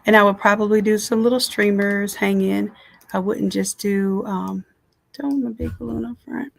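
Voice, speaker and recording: A woman design instructor giving a casual, chatty live software tutorial from home, talking straight to her viewers. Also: medium pitch, fairly even intonation, moderate pace, gravelly.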